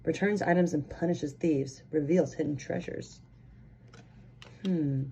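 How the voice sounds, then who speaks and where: A woman talks through a pick-a-card tarot reading in a relaxed, chatty way. Her voice sits a little low and sounds soft and mellow. She gets excitable and rambles, filling her sentences with small fillers. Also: measured pace, gravelly, slightly rough, dull audio. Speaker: tarot reader.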